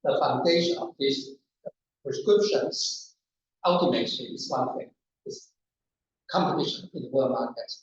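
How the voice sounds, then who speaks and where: A man's voice: medium pitch, animated, background noise. Man lecturing from far off in an echoey room. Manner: halting, deliberate delivery. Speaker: conference panel presenter. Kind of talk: academic lecture. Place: conference room. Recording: distant, echoey, dull conference room recording.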